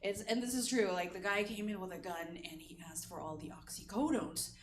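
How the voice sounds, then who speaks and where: Speaking fairly quickly in a mid-range voice, a woman emcees a comedy night and does her own stand-up set, chuckling at her jokes and using lots of fillers. The echoey live room recording, made on a comedy stage, carries slight background noise.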